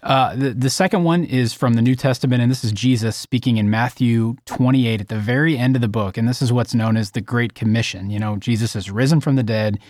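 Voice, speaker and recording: A man's voice: medium pitch, brisk, few pauses, darkish tone, no echo. A man with a mid-range voice hosts a faith podcast in a candid, searching way. He puts open questions to his co-hosts. The sound is dry and close-miked. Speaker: podcast co-host. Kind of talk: conversational faith discussion.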